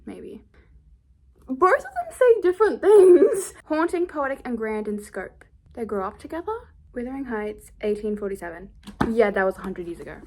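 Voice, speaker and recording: A nineteen-year-old woman chatting casually to camera as a book vlogger, rambling with giggly asides. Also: medium pitch.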